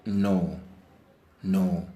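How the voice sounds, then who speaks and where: A Ugandan man giving his opinion in a casual monologue, repeating phrases for emphasis and swinging between brooding low talk and heated outbursts. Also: little pitch movement, very slow, mellow. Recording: echoey room.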